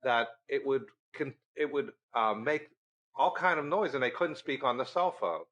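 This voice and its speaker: A middle-aged man and guest on a podcast, telling a story in a lively way and acting out the dialogue. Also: mid-range voice, moderate pace, highs cut off. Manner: animated storyteller, acting out quoted dialogue with laughs. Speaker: research center director, guest.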